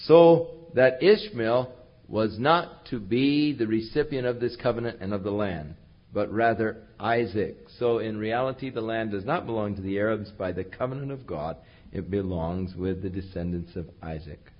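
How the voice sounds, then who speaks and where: A man's voice: on the low side, moderate pace. A man preaching a verse-by-verse sermon in a conversational way, with fillers and asides to his listeners. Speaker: pastor. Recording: dull lo-fi recording.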